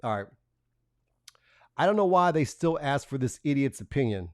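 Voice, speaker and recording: A man's voice: medium pitch, very animated, moderate pace, no echo, clean studio sound. A man hosting a live stream, talking casually and reading messages aloud in a profane, mocking way, laughing between lines. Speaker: livestream host.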